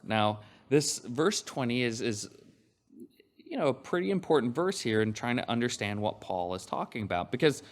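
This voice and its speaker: A man's voice: medium pitch, sing-song, normal speed. A man preaching a sermon, reading scripture aloud and explaining it in a conversational way, with frequent fillers and restarts.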